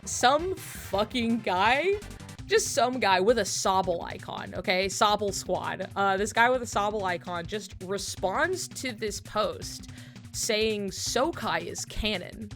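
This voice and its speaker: A woman streamer chatting while she draws, her voice at an ordinary middle pitch. She rambles through a story with plenty of "like" and "um," breaking into laughter. Faint music plays behind her. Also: lively intonation, slow pace, fairly bright tone. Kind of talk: casual storytelling to stream chat. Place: home streaming setup while drawing.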